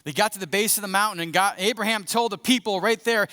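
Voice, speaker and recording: High-voiced, bright male pastor preaching. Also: fast talker, hardly any pauses. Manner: animated, acts out Bible scenes, conversational preaching. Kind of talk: sermon. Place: church sanctuary. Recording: echoey church hall.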